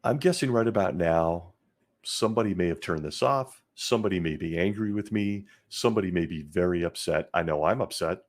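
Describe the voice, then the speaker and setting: A man hosting a podcast, telling a disturbing story in a slow, intense monologue with heavy pauses. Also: deep voice. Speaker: podcast host.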